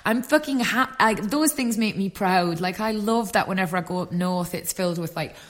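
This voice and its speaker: A woman's voice: medium pitch, normal speed. A woman from Newcastle with a Geordie accent, a podcast guest in casual chat, frank, swearing freely and laughing as she talks. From Newcastle, England.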